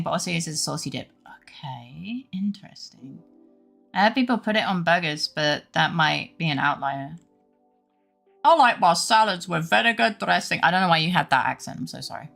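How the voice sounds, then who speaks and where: A woman's voice: fairly low pitch, vocal fry, a bit bright. A woman streamer chatting casually with her viewers, rambling and laughing often.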